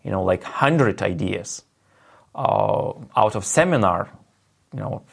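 A man with a Lithuanian accent hosting a livestreamed business meeting, speaking haltingly with many fillers and restarts. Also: on the low side, animated, gravelly. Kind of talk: livestream pep talk.

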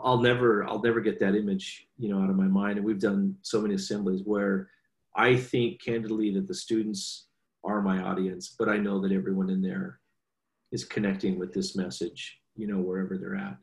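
A man in his forties speaks in a fairly low voice, earnest and animated as he tells stories about his family and work. The recording sounds roomy, with noticeable echo around him. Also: moderate pace. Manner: earnest, animated storyteller, quotes his kids. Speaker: guest speaker. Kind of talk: conversational storytelling. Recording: echoey room.

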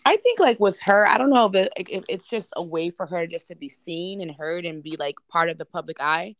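A woman's voice: on the low side, expressive, fairly quick, no room sound, clean studio sound. A young woman, co-hosting a casual podcast chat, blunt and playful. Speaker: podcast co-host.

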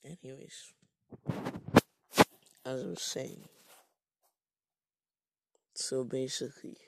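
A man's voice: medium pitch, slow, creaky, noisy background. A man from Jamaica telling a rambling, profane, self-mocking story in a casual monologue.

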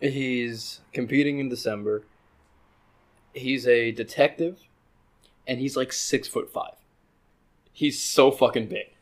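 A man co-hosting a podcast, telling stories in a casual, animated way, swearing freely and laughing often. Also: medium pitch, slow, long pauses. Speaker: podcast co-host. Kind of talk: casual chat.

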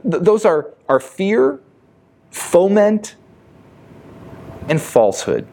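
A man's voice: sits high, big pitch swings, slow pace, gravelly, mellow. Earnest male pastor preaching. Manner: earnest, emphatic preaching with repetitions. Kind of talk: sermon.

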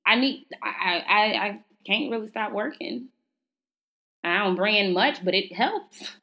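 A woman's voice: medium pitch, measured pace, gravelly, bright, forceful tone. A young woman hosting her own podcast, talking casually and preachily to her listeners. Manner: casual, chatty and preachy, addresses listeners as y'all. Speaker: podcast host. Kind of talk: motivational solo podcast talk.

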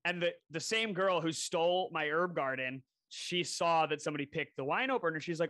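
Young male co-host, bright voice, dry close sound, animated storyteller. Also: fairly quick, few pauses, dry recording. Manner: animated storyteller, mimics voices with big pitch jumps. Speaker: podcast co-host. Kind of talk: casual chat.

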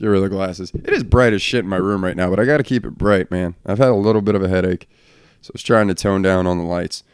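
A man's voice: sits low, quick pace, clear, resonant tone, no room sound, studio quality. A middle-aged man hosting a solo podcast from a room at home, talking bluntly and ranting with plenty of swearing. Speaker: podcast host. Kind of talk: casual solo podcast rant.

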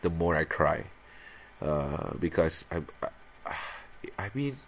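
A man in his thirties hosting a podcast, casually confessing in a halting, rambling way with many restarts, jumping into high playful voices when imitating himself. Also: expressive, a little hiss or hum. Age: 30s. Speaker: podcast host.

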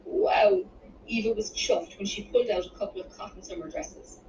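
A woman reading her own novel aloud in measured storytelling. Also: mid-range voice, darkish tone, slight background noise. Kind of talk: audiobook narration. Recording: distant roomy dull-sounding recording.

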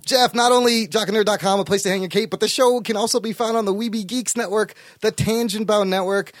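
Excitable high-voiced man hosting. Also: no echo, studio quality. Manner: excitable, swears freely, rapid rants. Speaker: podcast host. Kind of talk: casual podcast chat.

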